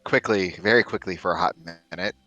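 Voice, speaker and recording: A man as a first-time podcast guest in casual chat, nervous and quick, joking and laughing. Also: sits low, bright, forceful tone, muffled recording. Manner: nervous, talks fast, jokey and laughing.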